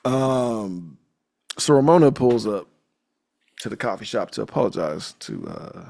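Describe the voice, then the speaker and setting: A man co-hosting a casual movie podcast, retelling scenes in a loose, profane, animated way and breaking into laughter. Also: on the low side, measured pace, creaky. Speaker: podcast co-host.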